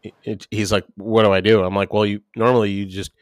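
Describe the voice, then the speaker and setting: A man's voice: fairly low pitch, little pitch movement, quick pace, dry recording. Rambling, profane man telling stories. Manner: rambling, profane, full of "like" and quoted dialogue. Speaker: podcast co-host. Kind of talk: casual storytelling chat.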